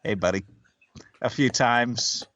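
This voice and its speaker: A man's voice: medium pitch, slow, a bit bright, dry recording, dull audio. A man co-hosting a podcast, recapping an episode with wry, self-deprecating humor. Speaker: podcast co-host. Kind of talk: casual chat.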